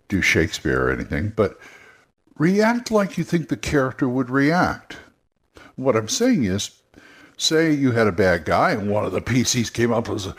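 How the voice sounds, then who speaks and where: A man hosting a podcast, talking casually and rambling with many restarts. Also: lowish voice. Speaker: podcast host, game master.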